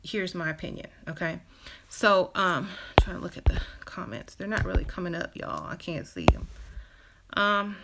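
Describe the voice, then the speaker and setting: A woman's voice: lowish voice, very animated, moderate pace, in a whisper. A woman hosting a relationship advice live stream, chatting casually with many fillers and acting out quoted lines. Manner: chatty, acts out quoted dialogue in other voices; frequent "you know" fillers and brief laughs. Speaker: relationship advice channel host.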